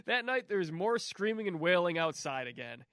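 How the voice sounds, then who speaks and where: A man's voice: sits high, sing-song, normal speed, fairly bright tone, dry recording, clean studio sound. A man co-hosting a podcast, recapping a film with profane wisecracks. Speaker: podcast co-host. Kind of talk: crude casual banter recapping a film.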